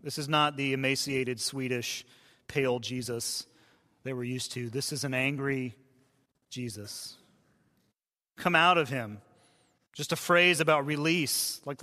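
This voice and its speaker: A man who is a pastor, preaching a sermon in a conversational way and dropping to hushed tones for quoted voices. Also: medium pitch. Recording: long hall reverb.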